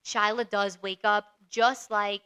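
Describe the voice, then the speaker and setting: A woman's voice: mid-range voice, slow, smooth. A young adult woman co-hosting a podcast, retelling a book's plot in casual chat with lots of "like". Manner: animated plot retelling, frequent "like". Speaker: podcast co-host.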